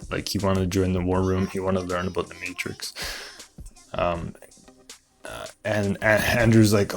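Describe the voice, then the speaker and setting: A man hosting a comedy show, rambling through a conspiracy-style monologue full of fillers and quick put-on voices for other people. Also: low-pitched, steady tone, soft background music.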